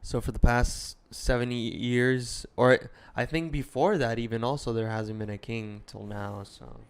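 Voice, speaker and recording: A man's voice: mid-range voice, fairly even intonation, unhurried, clean tone. A young man co-hosting a podcast, chatting casually in a rambling, hesitant way with lots of fillers. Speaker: podcast co-host. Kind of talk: casual chat.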